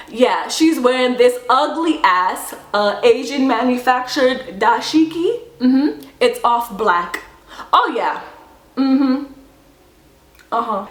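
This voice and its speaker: A woman rideshare driver telling a story to the camera in a sassy, profane, animated way. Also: on the high side, normal speed, echoey room.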